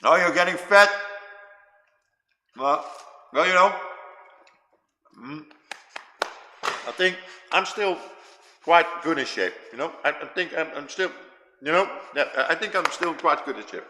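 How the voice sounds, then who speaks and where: A man's voice: fairly high pitch, expressive, a little slow, pauses often, background noise. A man in his fifties hosting a casual livestream chat with viewers, rambling and repeating himself as he eats while he talks. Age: 50s. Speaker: livestream host chatting with viewers. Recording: echoey room with long reverb.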